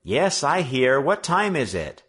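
A man's voice: on the low side, moderate pace, fairly bright tone, close to an everyday voice. A man reading aloud voices a sore, grumpy schoolboy who answers curtly. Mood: irritable. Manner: grumbling, curt.

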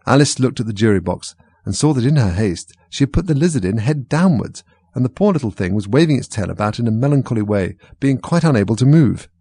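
A man reading a storybook aloud as narrator in a measured, even way. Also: mid-range voice, slightly rough, dry recording. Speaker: audiobook reader. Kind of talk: scripted narration.

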